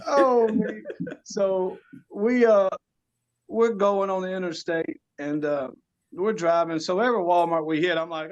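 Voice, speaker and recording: A man with a drawl tells a story as a podcast guest. His voice sits a bit high, and he drops into slang and chuckles often. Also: a little slow, highs cut off. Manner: animated, laughing storyteller with Southern US slang. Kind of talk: casual storytelling.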